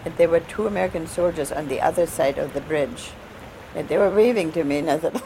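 An older woman, not an English speaker, telling her own wartime story in an earnest, halting way. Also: low-pitched, warm tone, slight background noise, poor audio. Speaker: interviewee recounting wartime experiences. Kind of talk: personal oral-history storytelling.

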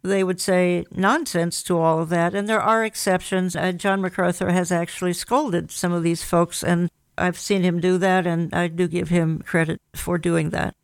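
A man's voice: high-pitched, level tone, moderate pace, hardly any pauses, smooth, dry recording. A man hosting a religious talk program, speaking directly and conversationally to his listeners. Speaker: radio program host.

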